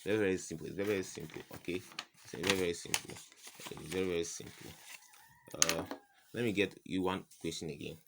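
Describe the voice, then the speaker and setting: A man's voice: low-pitched, steady tone, fast, creaky, heavy background noise. A man tutoring chemistry in an informal lesson, firing rhetorical "what?" questions at the viewer and repeating each answer. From West Africa.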